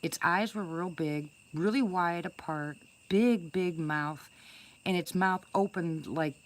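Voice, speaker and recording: A woman's voice: on the low side, takes it slowly. An older woman casually telling a first-person story to her viewers, chatty and rambling, with many restarts and fillers. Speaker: storyteller greeting live viewers.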